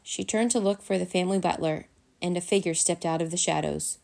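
A woman narrating a children's chapter book, reading aloud lively with character voices. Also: fairly low pitch, brisk, creaky. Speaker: storyteller. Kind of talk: children's storybook read-aloud.

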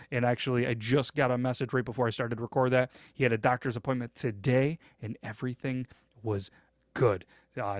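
A man's voice: medium pitch, dry recording. A young man tells a story on his podcast in a loose, meandering way, stopping often to find his words. His voice sits in an ordinary middle register. The sound is close and dry, with no room around it. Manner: rambling, full of hesitations and "you know" fillers. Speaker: podcast host. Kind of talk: casual storytelling.

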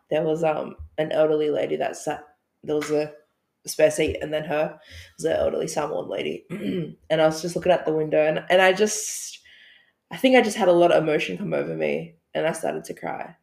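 A woman from Australia co-hosting a podcast, talking in a reflective, earnest way with soft laughs. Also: low-pitched, vocal fry. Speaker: podcast co-host. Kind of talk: casual chat. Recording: echoey room.

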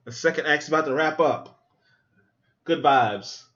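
A somewhat high-pitched man speaks a bit slowly over lo-fi sound. He hosts a podcast and reacts to a movie out loud in a casual, foul-mouthed way. Expect lively energy and plenty of thinking-aloud tangents.

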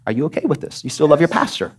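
A man preaches from the pulpit with emphatic, scolding force, firing off rhetorical questions. His voice sits a little high for a man. He sounds like a pastor mid-sermon in a church. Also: sing-song, rapid-fire. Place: church sanctuary.

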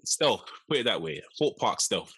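A young man with a low, bright, forceful voice, animatedly telling a story and acting out quotes. He sounds recorded close and dry, with little room sound. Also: moderate pace, slightly rough, no echo. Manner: animated storyteller, acts out quotes, laughs often. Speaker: podcast co-host. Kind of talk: casual storytelling chat.

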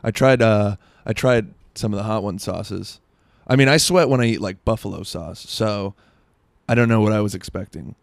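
Young man, low voice, rambling comedic monologue, crude humor, dry close sound. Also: normal speed, gravelly, no echo. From South Florida. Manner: rambling, crude, self-interrupting with lots of "like".

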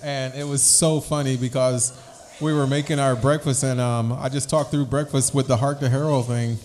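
Brief: male podcast host, casual rambling talk, middle pitch, reverberant room. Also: level tone, moderate pace, a little mellow. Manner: rambling, repeats himself, rhymes for fun. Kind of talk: casual chat.

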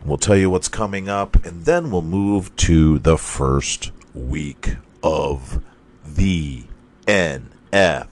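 A man's voice: extremely low pitch, takes it slowly. A man hosting a sports podcast, reading college football scores in a casual, profane, ranting manner and laughing at his own slips.

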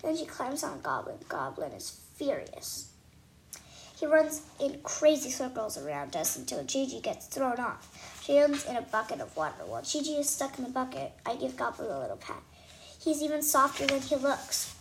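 A woman reading a children's chapter book aloud with expressive, animated storytelling. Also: high voice, normal speed, slight background noise. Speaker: reader.

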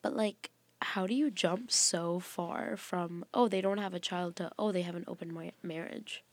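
A woman's voice: fairly low pitch, steady tone, moderate pace, no echo. A young woman co-hosting a podcast in casual chat, talking freely and laughing often. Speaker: podcast co-host.

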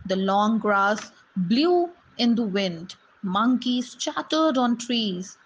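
A woman reading a storybook tale aloud to schoolchildren, slowly and carefully, with small slips. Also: on the high side. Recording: dull, lo-fi recording with faint noise.

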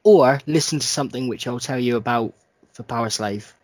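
A man's voice: mid-range voice, fairly quick, no echo. A man co-hosting a podcast, chatting casually and a bit sleepily. He swears a lot and slips into silly mocking voices. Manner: sweary, animated, mimics people in silly voices. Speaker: podcast co-host. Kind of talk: casual chat.

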